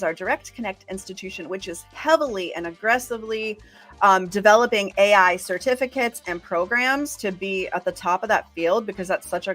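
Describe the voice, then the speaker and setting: A woman librarian co-hosting a casual livestream, chatty and quick to laugh, asking viewers questions. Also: medium pitch, fairly bright tone. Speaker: librarian co-host.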